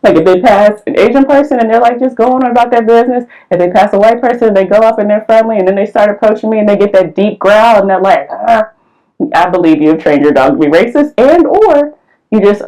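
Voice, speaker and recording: Woman podcast co-host, casual and animated, slips into quoted voices, mid pitch. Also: fast talker, hardly any pauses, rough recording. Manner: animated storyteller, acts out quotes. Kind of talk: casual chat.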